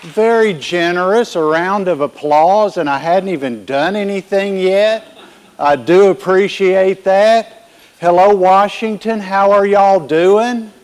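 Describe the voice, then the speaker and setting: A man's voice: high-pitched, slow pace, a little mellow, smooth, a faint crowd. A man giving a conference keynote, joking with the audience and telling them what to do. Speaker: keynote speaker.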